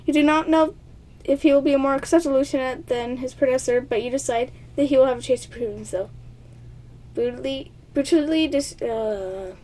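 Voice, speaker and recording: A woman with a high, mellow voice reads a choice-based text game aloud at a fairly quick clip. She often gets tongue-tied and stumbles over words, giggling through playful asides to her viewers as she plays the text adventure.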